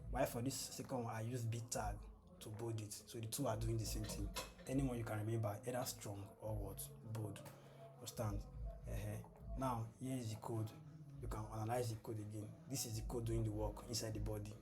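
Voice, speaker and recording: A man giving a screen-share coding lesson, patient and repetitive, often asking the class "what?" and then answering himself. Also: on the low side. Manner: asks the class fill-in questions and answers them himself. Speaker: coding tutor. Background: background music.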